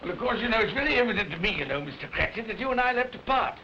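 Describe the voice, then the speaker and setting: An actor with a British accent playing a mean, cold old miser who scolds in curt, sneering, clipped phrases. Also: male voice, high-pitched, lively intonation, very fast, sharp tone, a little hiss or hum. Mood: scolding. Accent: British English. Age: older. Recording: dull 1930s film soundtrack with music.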